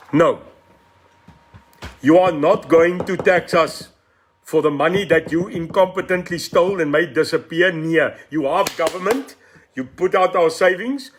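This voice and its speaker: Hosting a live political stream, a middle-aged South African man speaks in a somewhat high, slightly rough voice with a South African accent. His delivery is impassioned, he moves back and forth between English and Afrikaans, and he greets viewers by name.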